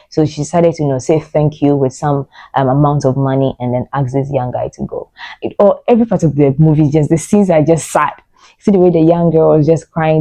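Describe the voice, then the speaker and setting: Woman, movie reviewer; mellow, warm tone, emotional and rambling with many fillers. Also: sits low, fairly even intonation, fairly quick, gravelly, dry recording, low-quality recording. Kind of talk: casual spoken movie review.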